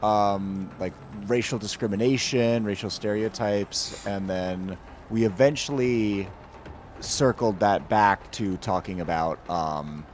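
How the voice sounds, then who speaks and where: A man's voice: lowish voice, slow pace, a little hiss or hum. A man streaming a co-op game, chatting casually with friends, joking and swearing at the game. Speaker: gaming streamer. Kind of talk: casual co-op gaming chat.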